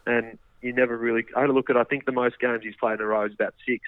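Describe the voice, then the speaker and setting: A man's voice: mid-range voice, little pitch movement, very fast, no echo. A man, a guest football journalist, talking casually on radio with lots of hedging fillers and restarts. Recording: tinny phone line.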